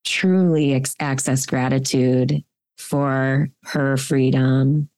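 A woman's voice: extremely low pitch, steady tone, slow pace, a little mellow, dry recording. A woman hosting a podcast interview, speaking in an effusive, emotional and encouraging way. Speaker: podcast host. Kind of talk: interview conversation.

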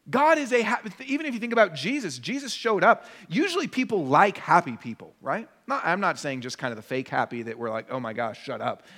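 A man's voice: on the high side, a bit bright. A man preaching a sermon as pastor, conversational and jokey, acting out little voices as he goes. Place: church.

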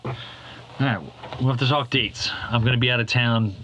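A man co-hosting a podcast, trading quick, chummy replies in casual chat. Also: mid-range voice, steady tone, bright, forceful tone, a little hiss or hum, rough recording. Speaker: podcast co-host.

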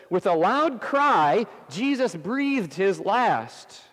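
A man preaching a sermon as a pastor, slow and emphatic with long pauses, his voice slightly gravelly. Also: medium pitch, long reverb tail.

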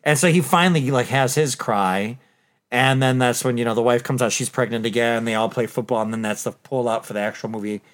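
A man's voice: medium pitch, fairly quick. Guy recapping a movie's ending, doing the characters' lines, casual chat. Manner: retells scenes, acts out the characters' lines. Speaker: podcast co-host.

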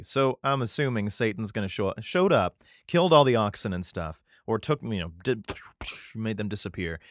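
A man's voice: on the low side, expressive, normal speed, no room sound, studio quality. A man casually reading scripture aloud and riffing on it, rambling, laughing often and swearing freely. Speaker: reader commenting on scripture.

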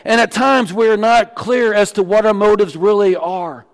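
A male pastor delivers his sermon with lively swings, climbing high and loud for emphasis, then sinking low and soft to land a point. His voice sits a little higher than most men's. The sound carries a long echo from the church sanctuary. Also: normal speed, hardly any pauses. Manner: animated preaching with wide swings in pitch and loudness, dropping to quiet punchlines.

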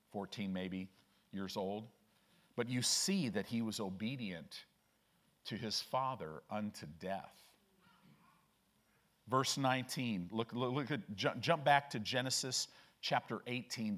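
Guy preaching a sermon in church, lots of pitch swings, keeps asking the crowd stuff. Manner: conversational preaching with frequent "right?" asides; lively, acts out quoted voices and reads scripture aloud. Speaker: pastor. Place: church sanctuary.

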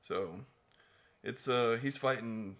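A man around thirty, co-hosting a podcast in a relaxed, easygoing way. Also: medium pitch, slow pace. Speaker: podcast co-host. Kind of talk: casual chat.

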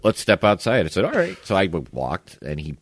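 A man's voice: deep voice, huge pitch swings, fairly quick, no echo. A man co-hosting a podcast, telling a story in a laid-back, blunt, matter-of-fact way. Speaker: podcast co-host. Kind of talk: casual storytelling chat.

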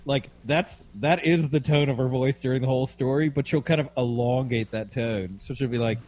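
A man's voice: medium pitch, moderate pace, hardly any pauses, a little mellow. A man co-hosting a casual podcast, teasing and wry, rambling through his stories. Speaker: podcast co-host. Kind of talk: casual banter.

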